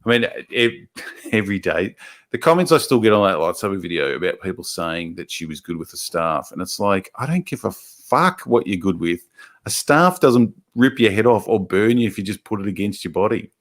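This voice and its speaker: A man's voice: fairly low pitch, expressive, normal speed. A man with an Australian accent hosting a casual livestream, reading out viewer comments and rambling with plenty of swearing and restarts. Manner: rambling, swears freely, many restarts and fillers. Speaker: livestream host.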